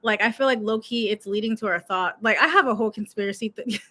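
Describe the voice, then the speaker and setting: A young woman from the US who coaches on YouTube chats to the camera in a loose, giggly, rambling way, leaning heavily on "like." She talks fast in a mid-range voice with a sharp tone.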